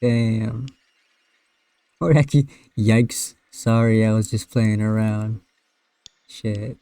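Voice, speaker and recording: A male streamer reacts to game chat logs with blunt, crude swearing and the odd Spanish aside. His voice is low and flat, with a dark, mellow tone. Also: slow pace, smooth, no echo.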